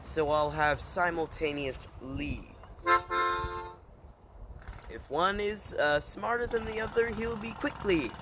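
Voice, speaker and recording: A man chatting casually to his channel, rambling and hesitant, full of fillers and deadpan puns. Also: high voice, takes it slowly, long pauses, over loud music, low-quality recording. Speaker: channel host. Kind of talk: casual vlog chat.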